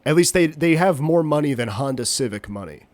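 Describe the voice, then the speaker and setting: A man's voice: on the high side, expressive, brisk, no echo. A man hosting a solo podcast while getting over a cold, congested and nasally, rambling and joking at his own expense. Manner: rambling, jokey, self-deprecating. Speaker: podcast host.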